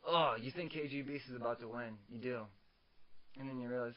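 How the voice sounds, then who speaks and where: A man's voice: mid-range voice, fairly even intonation, fairly quick, lo-fi sound. A young man co-hosting a casual comics podcast, swearing a lot and stammering through restarts as he rants. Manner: profane, ranting, stammers on restarts. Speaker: podcast co-host.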